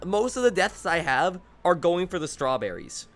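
A young male streamer rambles excitedly about a game, his voice bright and fairly high. His pitch swings widely as he talks. Faint game music plays underneath. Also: moderate pace. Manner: excited, rambling, laughs a lot. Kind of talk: gaming commentary.

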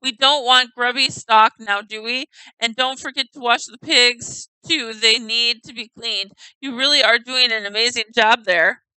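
A woman reading the lines of a bossy male farm master in a game, brisk and lightly patronising. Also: on the high side, steady tone, pushed and bright, smooth, no echo, poor audio.

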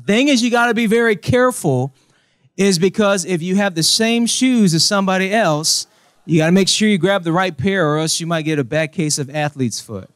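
Speaking at a moderate pace in a high voice, this young man from the US gives a funny sermon as a pastor and animatedly performs the quoted voices in his stories. The audio is studio quality, free of echo.

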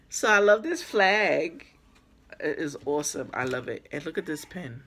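Female vlogger, hoarse from losing her voice, chatty unboxing talk to viewers, recorded on a tripod camera. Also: low-pitched, animated, normal speed, fairly bright tone. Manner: chatty, addresses viewers as guys. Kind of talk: casual unboxing vlog. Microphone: camera on a small tripod.

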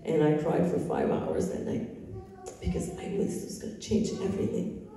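A woman's voice: low voice, huge pitch swings, moderate pace, mellow. A woman sharing her personal faith testimony, telling it earnestly and with emotion. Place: live event room. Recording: echoey hall, picked up from far off.

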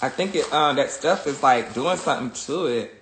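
A woman's voice: rumbling low, animated, moderate pace, roomy sound, a little hiss or hum. A woman chatting crudely and laughing a lot on a phone livestream. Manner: crude, joking, laughs often. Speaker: social media personality. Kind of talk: casual livestream chat.

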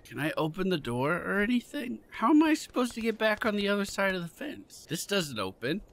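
A man giving casual let's-play commentary, excitable, swearing and shouting at game characters. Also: sits high, fairly quick. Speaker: gamer playing a goose game.

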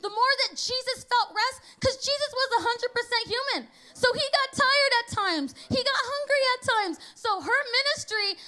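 A woman's voice: extremely high pitch, bright, forceful tone. A woman preaching a conversational sermon, telling personal stories and often checking in with "you know" and "right?". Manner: chatty, storytelling, frequent "you know" and "right?". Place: church.

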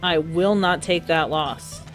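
A woman's voice: low voice, takes it slowly, faint music behind. A woman giving casual, giggly commentary while playing a life-simulation game, often breaking into laughter and exclamations. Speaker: gameplay streamer.

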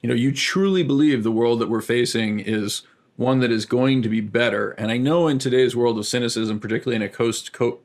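A man hosting an interview, speaking in a measured, thoughtful and appreciative way over a video call. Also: mid-range voice. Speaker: interviewer host. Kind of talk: interview talk.

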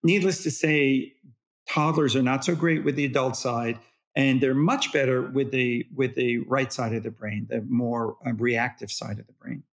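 A man as a parenting expert guest in an interview, explaining in an animated, demonstrative way and acting out how parents talk to toddlers. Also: mid-range voice, normal speed.

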